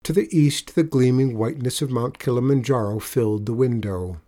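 Man narrating a storybook, gentle and measured, medium pitch. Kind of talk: storybook reading.

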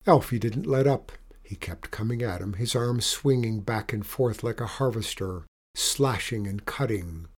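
Husky male storybook narrator. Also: on the low side, unhurried, hardly any pauses. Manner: expressive, dramatic reading.

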